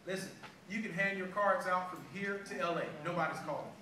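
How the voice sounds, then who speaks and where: A man's voice: high voice, fairly even intonation, brisk, crowd noise. A man giving a sales training talk to a live group, acting out the dialogue of a story. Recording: echoey room, far from mic, background noise.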